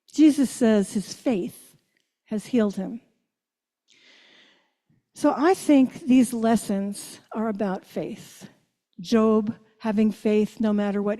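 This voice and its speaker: An older woman minister giving a reflective sermon, asking her listeners questions and slowing down on key phrases. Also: fairly high pitch, warm tone. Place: church sanctuary. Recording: long church reverb.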